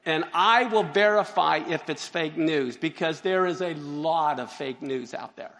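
A man preaching a sermon to his congregation, animated and joking, reading verses and pausing to exclaim. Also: on the high side, creaky. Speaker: pastor. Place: church sanctuary. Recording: long hall reverb.

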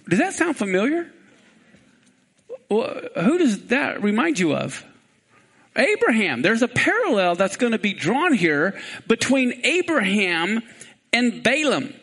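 A male preacher delivering a sermon, animated and full of rhetorical questions to the congregation. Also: high voice, a little slow, slightly rough.

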